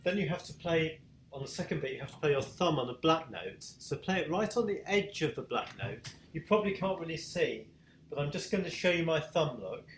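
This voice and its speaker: British piano teacher with a patient manner. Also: male voice, a little high, animated, brisk. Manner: encouraging, patient, asks questions. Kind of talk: online piano masterclass. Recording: echoey room over video call, piano.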